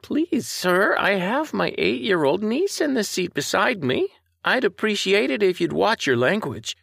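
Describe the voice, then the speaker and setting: A man voicing a prim, silver-haired old woman with a slight Canadian accent, who scolds politely and threatens quietly. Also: high-pitched, big pitch swings, a little slow, gravelly, breathy edge, dry recording, clean studio sound, voice pushed up, heavily acted.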